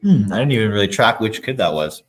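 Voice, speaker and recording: Talking fast with a voice on the low side, a thirty-something athlete gives a loose, rambling interview full of "like" fillers. He comes across relaxed and casual. Recording quality is low.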